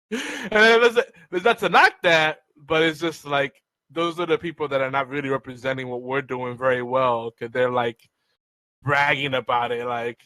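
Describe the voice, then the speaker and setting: A male podcast co-host with a bright, forceful voice, offering wry and amused commentary. His voice is recorded close and dry with no room sound. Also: mid-range voice, unhurried, dry recording. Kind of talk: casual chat.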